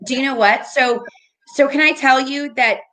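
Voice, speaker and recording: A woman's voice: high voice, steady tone, moderate pace, sharp tone. A woman hosting a casual talk as a business coach, upbeat and encouraging. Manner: upbeat, encouraging, keeps asking "right?".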